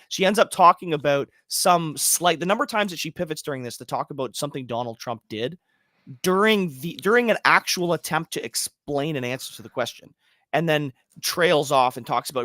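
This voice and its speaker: A man's voice: a little high, expressive, brisk, pushed and bright, dry recording, clean studio sound. A man co-hosting a podcast in casual chat, ranting in a heated, emphatic way and swearing freely. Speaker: podcast co-host.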